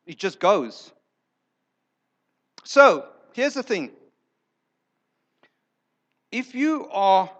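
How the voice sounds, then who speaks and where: A man's voice: high-pitched, fairly bright tone. A male pastor preaching a sermon in a church, emphatic, repeating words for effect and acting out quoted lines.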